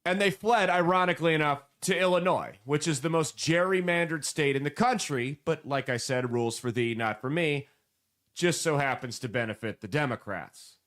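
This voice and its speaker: A man hosting a political commentary show, animated and sarcastic, mocking the people he quotes. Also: fairly high pitch, normal speed. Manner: animated, sarcastic, mocking voices when quoting.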